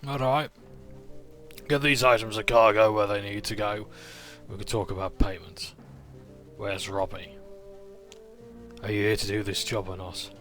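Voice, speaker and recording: A man voicing a gruff, wary smuggler boss on the docks who speaks in curt, businesslike lines. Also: fairly low pitch, fairly even intonation, a little slow, long pauses, fairly bright tone, faint music behind.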